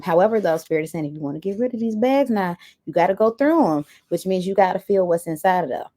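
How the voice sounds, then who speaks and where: A woman's voice: on the low side, warm tone. A woman giving a pick-a-card tarot reading, reading oracle messages aloud and breaking into playful, chatty asides to her viewers. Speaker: tarot reader.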